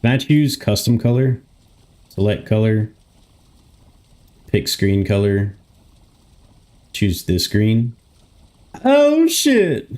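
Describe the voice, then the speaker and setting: A man's voice: on the low side, takes it slowly, pauses often, darkish tone. A young man live streaming from a room in his home, chatting casually, grumbling to himself and swearing often.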